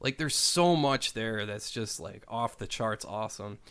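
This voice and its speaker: A man co-hosting a casual podcast, talking in an animated, rambling way with many restarts. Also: on the low side, unhurried, clean tone. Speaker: podcast co-host. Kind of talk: casual chat.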